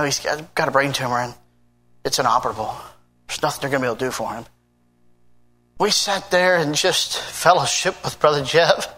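A man, a pastor giving a sermon testimony, earnestly telling stories and acting out quoted conversations. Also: a bit bright. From United States. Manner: earnest storytelling, acting out quoted talk with big pitch swings.

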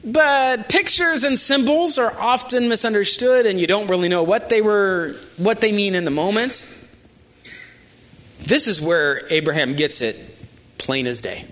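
A male pastor preaching a sermon in an animated, emphatic way with asides to the congregation. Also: sits high, unhurried.

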